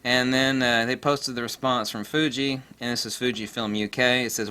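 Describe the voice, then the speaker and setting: Bright, forceful-voiced man for a rambling, cocky vlog rant. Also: medium pitch, normal speed, few pauses. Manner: rambling, boastful, laughing, many fillers. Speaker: camera vlogger. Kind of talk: casual rant to camera.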